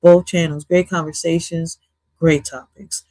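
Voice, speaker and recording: A woman's voice: low voice, little pitch movement, measured pace, dark tone, no echo. A woman reacting to a podcast clip on her stream, goofy and swearing, slipping into now and then. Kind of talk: casual reaction commentary.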